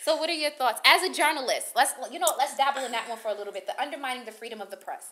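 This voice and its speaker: A woman's voice: sits high, racing, bright, forceful tone. A woman filling in as host of a casual news chat podcast, talking in a bubbly, playful, teasing way. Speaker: fill-in host.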